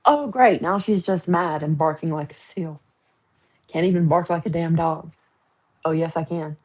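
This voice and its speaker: A woman hosts a casual livestream from home, talking freely and teasing her viewers. Her voice sits a little low and has a husky, breathy edge. She jokes often and breaks into laughter. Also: normal speed, darkish tone, low-quality recording. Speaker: livestream host. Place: at home, painting her nails.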